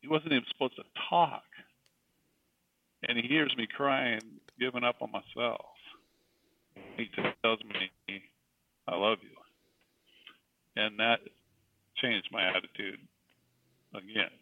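A man's voice: mid-range voice, steady tone, unhurried, long pauses. A middle-aged man, a guest telling a personal faith story in an earnest, emphatic way. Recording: distant, tinny phone-like sound.

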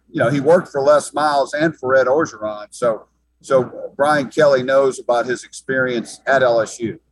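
A man's voice: mid-range voice, no room sound, poor audio. A man giving sports talk commentary as an analyst, emphatic and often repeating words as he thinks.

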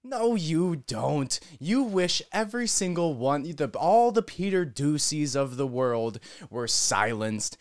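A man's voice: medium pitch, clear, resonant tone, no room sound, studio quality. A young adult man giving sarcastic reaction commentary on a clip. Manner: sarcastic, mocking. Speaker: political commentator.

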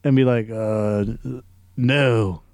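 A man's voice: on the low side, fairly even intonation, extremely slow, darkish tone, smooth, dry recording, clean studio sound. A man co-hosting a movie review talk, blunt and profane, acting out mocking bits of dialogue. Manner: blunt, swears often, acts out mocking quotes. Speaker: movie review podcast co-host. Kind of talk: casual profane banter.

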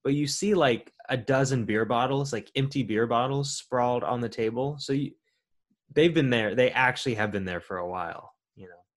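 A man's voice: medium pitch, normal speed. A man co-hosting a podcast, chatting loosely about a film with restarts and filler words. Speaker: podcast co-host. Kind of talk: casual chat about a film.

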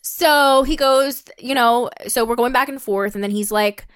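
Animated young woman telling a story, dry sound. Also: unhurried, smooth, no echo. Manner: animated, acts out quotes with a higher pitch, swears, laughs. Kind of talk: casual chat, telling a dating story.

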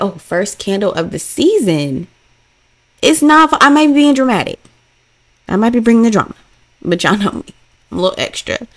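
A woman hosts her own podcast in a loose, chatty way. She sounds playful and animated, repeating phrases for effect, and her voice sits at an ordinary middle pitch. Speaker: podcast host. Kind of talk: casual solo podcast chat.

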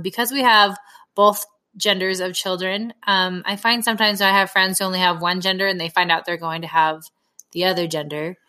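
Bright-voiced woman in her 30s cohosting a parenting podcast, laughs a lot, still has a cough. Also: mid-range voice. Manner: laughs often, chatty. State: lingering cough. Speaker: podcast co-host. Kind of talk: casual chat.

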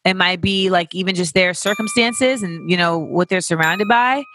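A podcast host giving casual advice in an animated way, with profanity and joking asides. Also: mid-range voice, normal speed. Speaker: podcast host answering listener questions.

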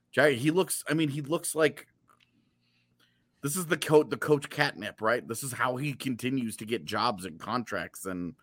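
A man co-hosting a sports podcast in casual chat, joking and sarcastic with bursts of excitement. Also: mid-range voice, no room sound, studio quality. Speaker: podcast co-host.

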